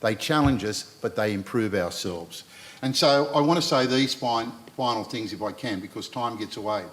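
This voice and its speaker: A man's voice: fairly low pitch, moderate pace, a bit bright. An Australian man in his sixties, speaking earnestly on a live panel and addressing the audience directly, with frequent repetition. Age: 60s. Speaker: panel speaker and university lecturer.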